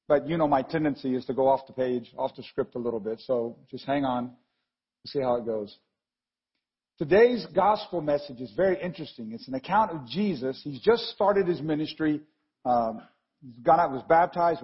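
A man preaching a chatty, digressive sermon, telling the story with lively asides. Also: fairly high pitch, slightly rough. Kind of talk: conversational sermon. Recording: dull lo-fi recording.

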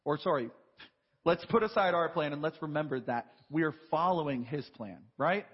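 A man's voice: a little high, normal speed, husky, big-room sound, lo-fi sound. A man preaching a sermon as pastor, in a conversational style full of rhetorical questions and "right?" asides. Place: church sanctuary.

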